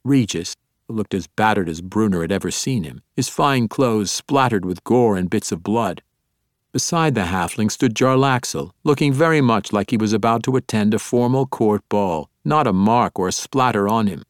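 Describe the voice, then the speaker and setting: This scripted audiobook narration comes from a man with a lowish voice at an ordinary pace. He tells the story steadily and evenly, and the recording is dry and studio-clean.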